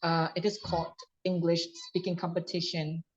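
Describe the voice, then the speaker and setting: A man's voice: fairly high pitch, completely flat delivery, normal speed, slight background noise. An Indonesian man who teaches English, hosting a video call interview, polite and eager with many fillers. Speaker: English course teacher, host. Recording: dull muffled call audio.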